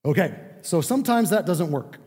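Pastor guy preaching, kinda high voice, chatty teaching style, big echoey church. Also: big pitch swings, moderate pace, a little mellow. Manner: conversational teaching, acting out quoted speech. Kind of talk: sermon. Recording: long reverb of a large room.

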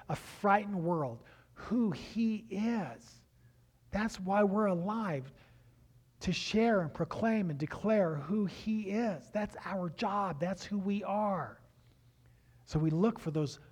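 A middle-aged man preaching a sermon, telling stories with animated, acted-out dialogue. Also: sits high. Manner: animated storytelling, acts out dialogue.

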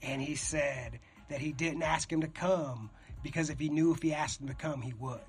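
Young male host, rambling and excitable, high and husky, swears freely. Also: moderate pace, soft background music. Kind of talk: casual chat.

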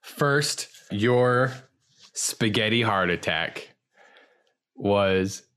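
A man's voice: on the low side, very slow, a bit bright, clean tone. A man, an improviser co-hosting a podcast, talking earnestly and reflectively about improv. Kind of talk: casual chat reviewing an improv show.

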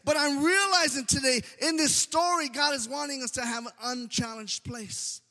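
A man with a very high, bright voice delivers a sermon in an emphatic, rising and falling preaching cadence. His words ring out with a long echo, as if spoken in a large church hall. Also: normal speed. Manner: emphatic, sing-song preaching cadence with frequent "amen".

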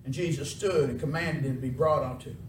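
A man preaching a sermon in an animated, conversational way, full of rhetorical questions. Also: mid-range voice, fast. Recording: echoey room, distant mic, faint noise.

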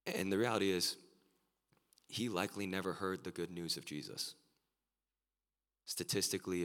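Very deep gravelly guy preaching a sermon, long hall echo. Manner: earnest, builds to excited emphasis. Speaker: pastor.

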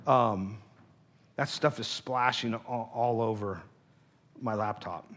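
Preaching a sermon, a male pastor recounts a personal story and acts out both parties in an argument, then lowers his voice to a hushed murmur for his central point. His intonation is lively and his pace slow.

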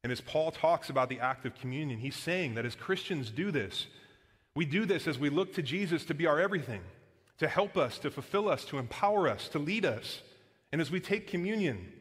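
Male pastor, sermon, slightly high voice, casual earnest delivery, long church-hall reverb. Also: expressive, fairly quick, a bit bright, slightly rough. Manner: casual and earnest, preaches with frequent "like" and "guys". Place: church sanctuary.

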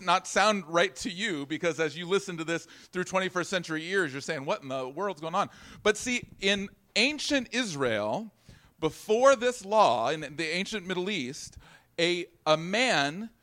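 A pastor with a fairly high voice, preaching casually. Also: male voice, a bit bright. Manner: conversational teaching with asides to the congregation. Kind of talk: sermon.

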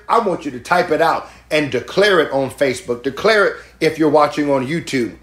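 A man preaching a lively, conversational sermon to his congregation, joking as he goes. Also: fairly high pitch, brisk, roomy sound. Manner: animated, conversational preaching with jokes. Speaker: pastor. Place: church sanctuary.

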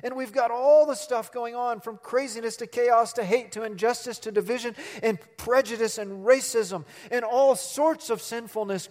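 High-voiced man preaching in a reverberant hall. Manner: animated preaching, acts out quotes, asks the congregation questions. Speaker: pastor. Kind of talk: sermon.

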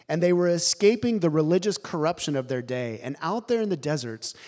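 Animated male preacher delivering a sermon. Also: on the high side. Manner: animated, emphatic storytelling with dramatic pauses.

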